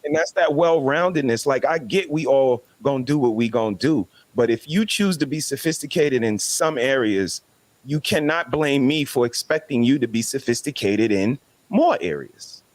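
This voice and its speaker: A man's voice: medium pitch, lively intonation, normal speed. A man, making emphatic, preachy points as a guest in a casual podcast discussion. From New York City.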